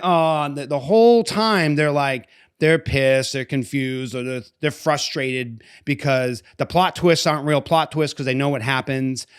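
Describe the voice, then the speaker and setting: Young male co-host, a bit high-pitched, thoughtful and rambling. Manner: musing, hesitant, many fillers and restarts. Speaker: podcast co-host. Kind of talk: casual chat.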